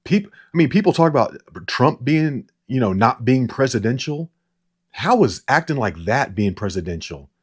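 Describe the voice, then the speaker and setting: A man's voice: medium pitch, very animated, moderate pace, breathy edge. A man giving casual political commentary, rambling and sarcastic, repeating words and laughing at his own jokes. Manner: sarcastic, mocking impressions. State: short on sleep.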